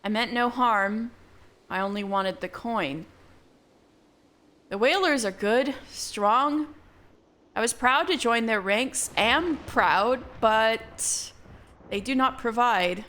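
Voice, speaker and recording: A woman's voice: on the high side, slow pace, long pauses, fairly bright tone. A woman voicing a male guard in a video game who stammers desperately while pleading and confessing, reading the lines aloud on a live stream. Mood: remorseful.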